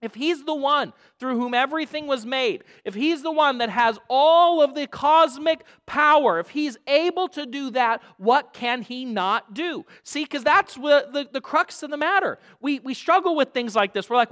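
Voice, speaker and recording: A man preaching a sermon as a pastor, dramatic and emphatic, dropping to a hush and rising again, repeating phrases for emphasis. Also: very high voice, expressive, normal speed, few pauses. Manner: dramatic, swings from hushed to loud emphasis.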